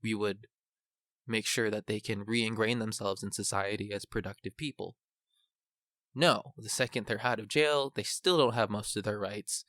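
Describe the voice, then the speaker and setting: A man with a somewhat low voice lays out his ideas earnestly on a podcast. His talk is casual but focused. The sound is dry and close. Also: fairly even intonation, normal speed, a bit bright, no room sound. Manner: earnest, explanatory. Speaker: podcast co-host.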